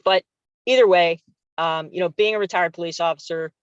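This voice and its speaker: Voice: mid-range voice, steady tone, brisk, clean tone, no echo. Retired officer in their 40s, dull video-call audio. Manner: conversational, acts out quoted dialogue, many fillers. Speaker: public commenter, retired police officer. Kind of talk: recounting an incident at a public meeting.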